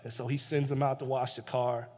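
A man's voice: medium pitch, flat delivery, fairly quick, a little mellow. A man preaching a sermon as pastor, talking conversationally with lots of repetition and building to emphatic points. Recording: long hall reverb.

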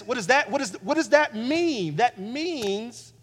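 A male pastor preaching a sermon, repeating phrases emphatically and swinging between hushed and loud passages, on a clip-on mic. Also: very high-pitched, expressive, moderate pace, few pauses. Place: church sanctuary. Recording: long reverb of a church hall.

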